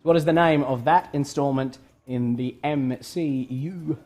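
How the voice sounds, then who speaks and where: A man's voice: mid-range voice, measured pace, a little mellow, soft background music. A man hosting a live trivia quiz, reading questions and joking with his co-host. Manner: jokey, reads questions aloud, laughs often. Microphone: studio microphone.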